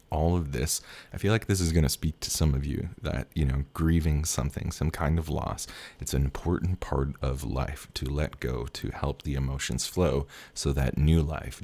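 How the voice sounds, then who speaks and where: A man's voice: a bass voice, gravelly, darkish tone. A young man casually telling a personal story as a tarot reader, rambling and candid, laughing often and swearing.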